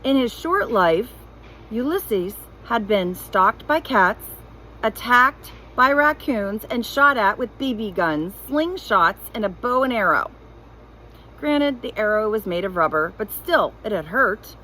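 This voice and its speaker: A woman reads a children's novel aloud, taking her time over each line. Her fairly high voice rises and falls with lively expression, and a faint hiss sits behind her. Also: slow pace, rough recording. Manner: expressive, animated storytelling. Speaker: reader.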